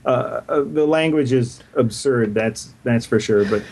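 A man as a podcast guest, answering questions in a relaxed way, restarting his phrases. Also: mid-range voice, unhurried, gravelly, a little hiss or hum. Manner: relaxed, repeats words as he starts. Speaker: guest, comic creator. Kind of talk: interview answers.

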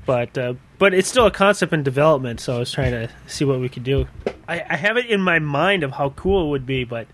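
A man's voice: fairly high pitch, lively intonation, brisk, fairly bright tone, a little hiss or hum. A man hosting a casual podcast, rambling with frequent laughs and fillers. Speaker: podcast host. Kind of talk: casual chat.

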